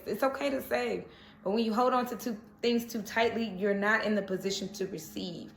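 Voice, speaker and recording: A woman's voice: a little high, steady tone, moderate pace, bright, forceful tone. A woman giving a casual tarot reading to camera, chatty and reassuring, often checking in with "okay?". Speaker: tarot reader. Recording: echoey room.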